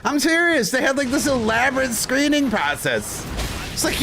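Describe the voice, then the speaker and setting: A male streamer chats casually to his viewers in a fairly high voice that swings all over the place. He tells stories with heavy swearing and keeps laughing as he goes. Faint music plays underneath. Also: a little fast. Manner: animated, swearing storyteller who laughs often. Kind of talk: casual live-stream chat.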